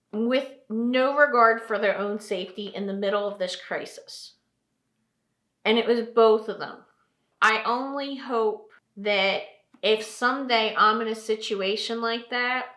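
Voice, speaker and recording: A woman from New Jersey giving a heartfelt vlog monologue, slow and earnest, repeating phrases for emphasis, tearful and emotional. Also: medium pitch, a bit bright, echoey room. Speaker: trucking vlogger.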